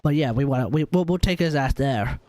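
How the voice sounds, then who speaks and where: A man's voice: medium pitch, a little fast, a little mellow, dry recording. A man streaming a game, nasal and stuffy from a cold, rambling and joking as he repeats himself. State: blocked nose from a cold. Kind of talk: casual live-stream chat.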